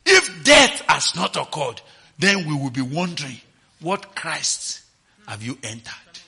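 Man, preacher, sermon, slow delivery, very bright tone, husky. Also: fairly high pitch. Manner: animated, swings from quiet to shouting, asks listeners questions.

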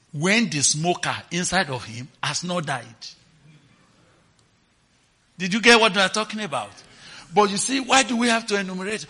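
A man with a slightly rough, somewhat high voice gives a sermon, alternating hushed, unhurried lines with sudden outbursts. Again and again he asks the listeners if they understand.

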